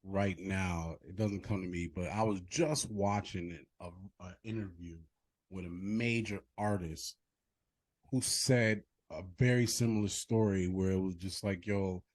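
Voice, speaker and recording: A man hosting a casual interview, lively and playful, with slangy asides to his viewers. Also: low-pitched, unhurried. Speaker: interview host.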